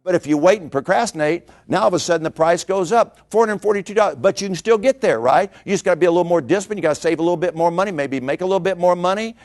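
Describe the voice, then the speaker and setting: A middle-aged man delivers a motivational money seminar at a rapid clip. His voice sits high for a man, and he keeps hammering points home with rhetorical questions. He sounds energetic and a little preachy. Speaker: financial seminar speaker.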